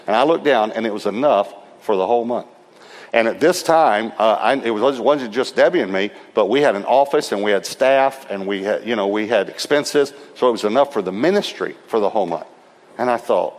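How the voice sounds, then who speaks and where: A man with a fairly low voice preaches a sermon as a lively storyteller, acting out what others said. His voice rings with the long reverb of a large church hall. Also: a little fast. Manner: lively storyteller who acts out quotes and laughs. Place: church service.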